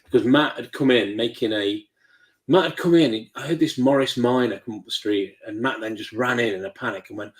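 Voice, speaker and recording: A man's voice: on the low side, brisk, poor audio. A man, a toy shop owner, chatting as an interview guest and acting out quoted dialogue as he tells stories. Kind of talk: casual interview chat.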